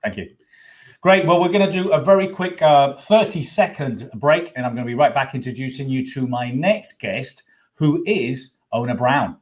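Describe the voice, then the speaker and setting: This is a man hosting an online expo, speaking over a video call. He welcomes his guests with gushing, effusive enthusiasm. His voice sits at an ordinary middle pitch for a man. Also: lively intonation, moderate pace. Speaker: host.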